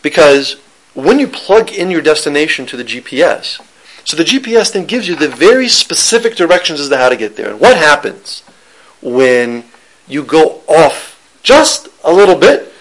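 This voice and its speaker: In a low-quality recording, a man with a fairly high-set voice leads an informal Torah class at a moderate pace, his pitch swinging widely. He speaks loosely and conversationally, restarting phrases and joking back and forth with his listeners.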